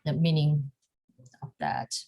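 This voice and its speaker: A woman teaching calligraphy over a video call, with halting phrasing and frequent restarts. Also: low-pitched, level tone, highs cut off. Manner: halting, many fillers and restarts, soft laughs. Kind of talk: online lesson demonstrating strokes.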